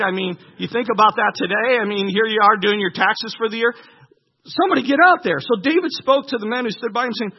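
Brief: male pastor, high husky voice, reads a passage then comments, dull recording in a reverberant hall. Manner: reads scripture aloud and breaks off to comment. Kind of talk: sermon.

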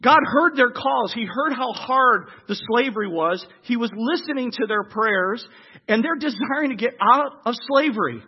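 High-pitched husky guy preaching, lively, acts out voices, kinda muffled lo-fi audio. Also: normal speed. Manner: animated, acts out crowds with shouts. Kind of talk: sermon.

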